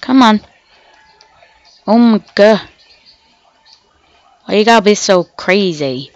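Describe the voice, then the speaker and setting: Playing a game for her channel while sick, a woman gives casual, rambling commentary, talking to herself and to the animals on screen. Her mid-range voice is expressive and slow. There's no echo, but the recording is muffled.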